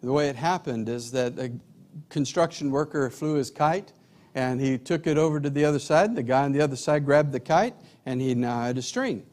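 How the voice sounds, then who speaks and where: A man's voice: medium pitch, moderate pace. A middle-aged man preaching a sermon, telling stories and acting out dialogue. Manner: animated storyteller, acts out dialogue.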